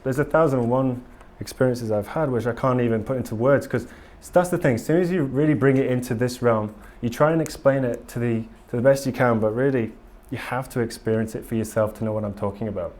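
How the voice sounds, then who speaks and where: Man, conference talk, enthusiastic, rambling, middle pitch. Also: fast talker, few pauses, a little mellow. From England. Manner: candid, enthusiastic, rambling with many ums. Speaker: conference speaker. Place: conference hall.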